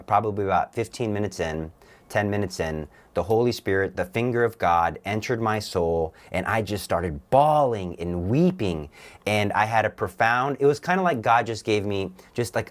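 A young man sits as a guest on a talk show and tells his own story in earnest. He talks haltingly, with restarts and repeats. His voice sits a little low. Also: lively intonation. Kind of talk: personal testimony on a talk show.

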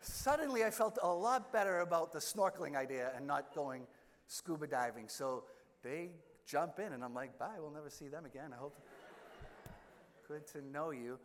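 A man's voice: on the high side, moderate pace. A middle-aged man, a priest, telling a funny self-mocking story in a sermon. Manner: self-deprecating humorous storytelling. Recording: echoey hall with long reverb.

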